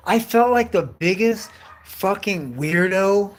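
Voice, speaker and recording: A man's voice: sits high, expressive, a little slow, a bit bright. A man hosting his own livestream, telling loose run-on stories packed with cursing. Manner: heavy profanity, loose run-on storytelling. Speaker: livestream host. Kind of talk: casual rambling livestream rant.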